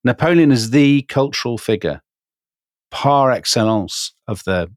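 A man's voice: mid-range voice, lively intonation, unhurried, no room sound, clean studio sound. A man co-hosting a history podcast in casual chat, amused and chatty. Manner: amused, chatty, laughs often. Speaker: podcast co-host.

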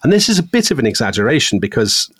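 Lively man telling history stories. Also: medium pitch, fast talker, breathy edge, no room sound. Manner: lively storytelling, chuckles often. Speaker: podcast co-host. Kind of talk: history discussion.

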